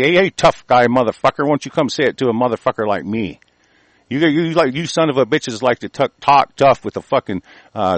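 A man with a lowish voice hosts a commentary show, launching into an aggressive, profane rant. He stumbles over words while reading a news article aloud, and there's no room sound.

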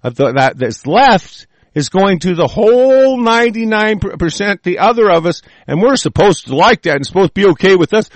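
A man's voice: sits high, fairly bright tone, dry recording. A man delivering a furious, profane solo rant in which he reacts to news items he reads aloud. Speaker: political commentator.

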